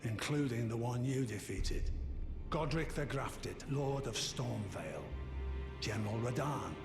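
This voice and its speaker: An actor playing a scheming male knight-scholar who hoards knowledge, speaking in a measured, formal way in video game dialogue. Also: mid-range voice, lightly acted. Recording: echoey game audio with music.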